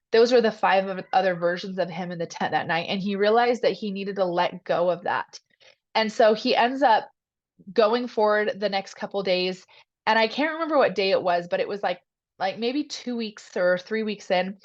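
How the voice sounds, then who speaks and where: Excited woman retelling a story. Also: medium pitch, muffled recording. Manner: excited retelling with many "like"s and "you guys". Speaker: host of a team call. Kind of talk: motivational storytelling to a group.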